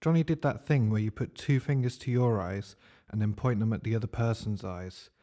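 A man narrating a comic story in a dry, deadpan way. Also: fairly low pitch, a little fast.

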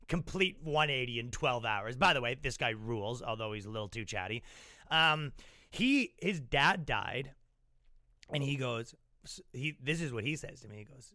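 Bright, dry-voiced man riffing casually. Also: medium pitch, normal speed, dry recording. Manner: rambling, animated storytelling with mocking impressions. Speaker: podcast host. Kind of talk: casual comedic monologue. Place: New York.

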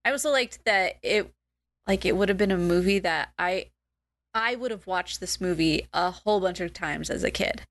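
A woman co-hosting a film podcast, talking in a relaxed and casual way with hesitant restarts. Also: lowish voice, normal speed, dry recording. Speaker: podcast co-host, film reviewer. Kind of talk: casual film review chat.

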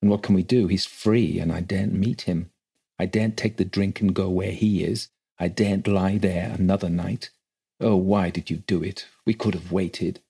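A man's voice: low-pitched, fairly even intonation, moderate pace, vocal fry, warm tone, husky, heavily acted. A man voicing a frightened, guilt-ridden grown son who speaks in a fearful, pleading way.

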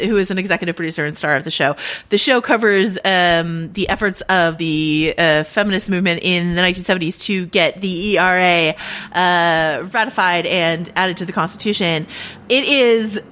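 A woman co-hosting a TV recap podcast, chatty and quick to laugh, with plenty of fillers and restarts. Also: fairly low pitch, a bit bright. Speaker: podcast co-host. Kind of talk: casual TV recap podcast chat.

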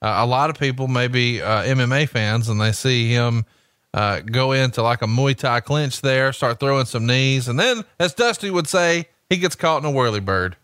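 A man hosting a casual podcast, offering commentary and deadpan jokes. His voice sits in a mid range. The mic is close and dry. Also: mid-range voice, normal speed, clean tone, dry recording. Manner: dry, joking asides. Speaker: podcast host.

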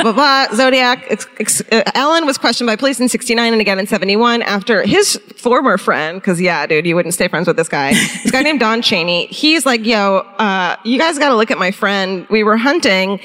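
A woman's voice: a little high, brisk, a bit bright. A woman co-hosting a live podcast, retelling a true-crime case in a joking, profane way. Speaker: podcast co-host. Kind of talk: comedic true-crime storytelling. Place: live on a theatre stage. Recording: live theatre with long reverb.

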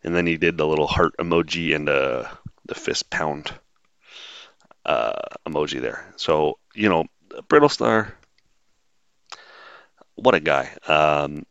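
Man, podcast host, very low voice, sarcastic, rambling, muffled dry recording. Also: slow pace, vocal fry, long pauses, fairly bright tone, smooth, dry recording. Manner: rambling, wry and sarcastic, frequent filler words. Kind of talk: casual solo monologue. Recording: dull, dry lo-fi sound.

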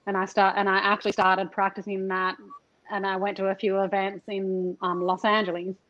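A woman guest on a video call, talking reflectively in halting, restarting sentences. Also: mid-range voice, level tone, fairly bright tone, no echo, lo-fi sound. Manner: halting, restarts often, laughs easily. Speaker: podcast guest.

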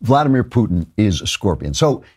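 Man, talk show host, husky low voice, lively pitch, chuckling commentary. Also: moderate pace. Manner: animated, chuckling, conversational. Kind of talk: political commentary monologue.

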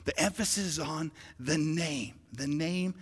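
A male pastor preaching a sermon, shifting from conversational asides to loud, emphatic calls to the congregation. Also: a little high, a little slow, breathy edge, in a large hall. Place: church sanctuary.

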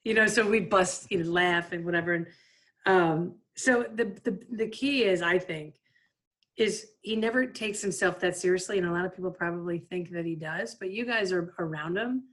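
Woman, 50s, lower register, lively anecdotal guest storyteller, conversational. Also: normal speed. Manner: lively anecdotal, frequent "like" and "you know". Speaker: guest, former player and coach. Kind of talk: casual storytelling interview.

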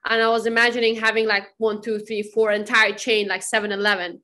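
Bubbly bright-voiced young woman. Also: mid-range voice, a little fast. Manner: bubbly, laughs often, animated storytelling. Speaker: interview guest. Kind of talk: casual podcast chat.

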